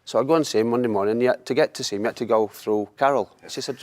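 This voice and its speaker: A man telling an anecdote in casual conversation as a guest, a lively storyteller who laughs often. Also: medium pitch, rapid-fire. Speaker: former footballer, guest.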